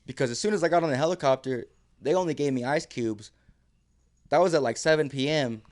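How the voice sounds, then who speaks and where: A man's voice: a little high, a little fast. A man casually telling a story on a podcast, laid-back, using slang and laughing often. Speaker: podcast guest.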